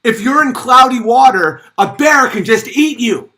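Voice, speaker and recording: A man's voice: very high voice, lively intonation, a little slow, pushed and bright. A man giving intense, worked-up commentary in a preachy, ranting way.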